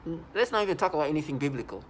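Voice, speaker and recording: A man's voice: fairly high pitch, expressive, racing, slight background noise. Agitated man rambling to camera. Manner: agitated, with frequent restarts and self-corrections. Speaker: vlogger. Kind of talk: rambling personal monologue to camera.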